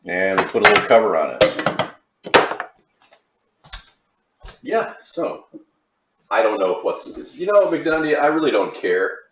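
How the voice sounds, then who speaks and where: A man's voice: lowish voice, big pitch swings, slow pace, long pauses, noisy background. A man from Hollywood, California, hosting a cooking livestream and rambling in conspiratorial asides to his chat. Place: home kitchen. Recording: echoey kitchen with faint clatter.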